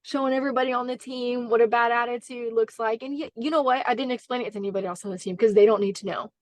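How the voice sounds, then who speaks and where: A woman's voice: a little high, steady tone, quick pace, no echo. A woman basketball coach, a podcast guest, telling a story in an earnest, heartfelt way, with many fillers and restarts. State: briefly emotional. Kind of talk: conversational interview storytelling.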